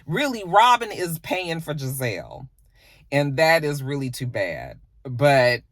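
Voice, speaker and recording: A talkative man with a somewhat high voice delivers a casual recap monologue. He is sassy and animated and acts out the quotes. The sound is dry and close, with no room echo. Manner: chatty, sassy retelling with acted-out quotes. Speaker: reality TV recap host.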